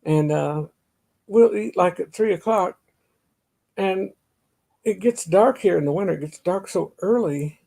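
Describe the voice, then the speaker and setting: He talks in a high, mellow voice, unhurried and pausing often, with a gravelly, husky edge and a touch of allergy congestion. The speaker is a middle-aged livestream host from Chicago's northern suburbs, casually reading comments, greeting viewers by name and laughing a lot.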